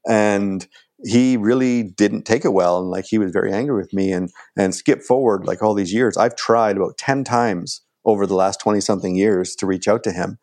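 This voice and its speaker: A man's voice: fairly low pitch, moderate pace, a little mellow. A middle-aged man casually telling a long anecdote as a podcast guest, full of "like" and restarts, acting out quoted dialogue in a raised voice. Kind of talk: casual storytelling.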